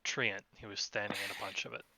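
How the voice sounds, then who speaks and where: A man narrating as game master of a tabletop role-playing game, relaxed and hesitant, with many fillers. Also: lowish voice, fast, vocal fry, no echo, rough recording.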